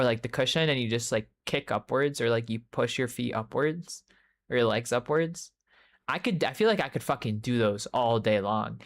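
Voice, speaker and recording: Young dude streaming, just rambling w chat, swears a lot, says like and um constantly, normal mid voice. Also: male voice, mid-range voice, a bit bright. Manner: rambling, loose and profane, many fillers; answers chat messages by name mid-story. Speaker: livestreamer reading chat. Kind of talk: casual live-stream chat.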